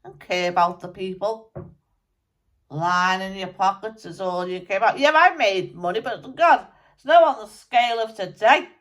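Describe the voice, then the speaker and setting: A woman's voice: medium pitch, moderate pace, a bit bright, lightly acted. Woman channelling a ranting dead rock star. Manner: swearing, scolding, ranting. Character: blunt angry male rock musician spirit. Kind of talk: channelled spirit monologue.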